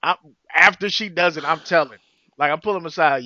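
A man's voice: a little high, a little fast, sharp tone, no room sound. A man co-hosting a podcast, giving blunt, emphatic opinions in casual chat. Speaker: podcast co-host. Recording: dull dry lo-fi audio.

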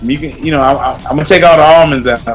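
A man's voice: a little high, fast talker, soft background music. A man co-hosting a casual, profane podcast chat, laid-back and given to storytelling rants. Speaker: podcast co-host.

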